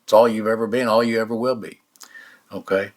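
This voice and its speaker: Man in his 70s, deep voice, folksy teacher walking listeners through a mind exercise. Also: flat delivery. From United States. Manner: folksy, repeats "all right?" and "okay?"; slow, soft-spoken guidance. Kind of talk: guided eyes-closed exercise talk.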